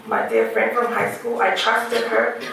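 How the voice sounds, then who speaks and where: Gravelly woman's eulogy. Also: on the high side, flat delivery, measured pace, noisy background. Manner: heartfelt, laughing through memories. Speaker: widow giving a eulogy. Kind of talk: funeral eulogy speech. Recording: echoey hall, distant mic.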